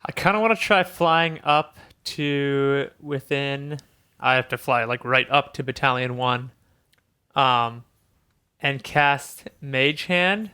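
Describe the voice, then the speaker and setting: A man's voice: medium pitch, slow, sharp tone, clear, resonant tone. A man playing a tabletop game, curious and full of questions. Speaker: player. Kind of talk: casual game chat.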